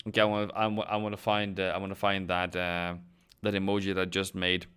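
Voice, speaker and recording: A young man, Norwegian by first language, hosts live forex market analysis in non-native English, explaining charts with plenty of fillers and self-corrections, speaking straight to viewers and thanking subscribers. His low-pitched voice is monotone and quick, fairly bright, clear and resonant.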